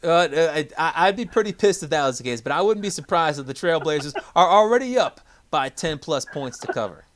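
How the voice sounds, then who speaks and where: A man's voice: on the high side, animated, brisk. A man co-hosting a sports podcast with easygoing, chuckling banter. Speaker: podcast co-host. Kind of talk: casual sports talk.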